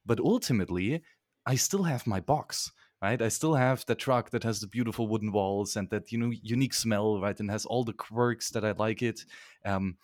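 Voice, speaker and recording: Friendly low-voiced podcast guest. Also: male voice, moderate pace, no room sound, clean studio sound. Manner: friendly, thoughtful, many fillers. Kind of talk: casual interview talk.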